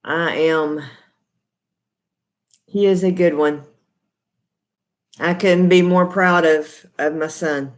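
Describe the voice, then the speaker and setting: A woman's voice: deep voice, steady tone, takes it slowly, long pauses. A middle-aged Texan woman hosting a casual live stream from her kitchen table. She talks in a chatty, folksy, rambling way with lots of fillers, picked up by her laptop's microphone. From Texas. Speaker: livestream host. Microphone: laptop built-in mic.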